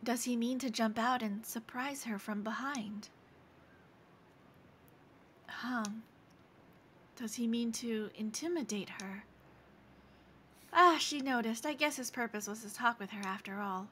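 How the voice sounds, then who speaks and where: Mild observant game hero musing out loud, woman reading it, bright voice, kinda high. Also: measured pace, pauses often, slight background noise. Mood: curious. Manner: musing, reads lines aloud. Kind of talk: reading game dialogue on a stream.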